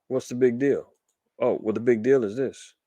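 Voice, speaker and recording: Male commentary host, mid pitch, dry close sound, reads news aloud and then fires off rhetorical questions. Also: fairly even intonation, normal speed, dark tone, dry recording, dull audio. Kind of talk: casual commentary reading articles aloud.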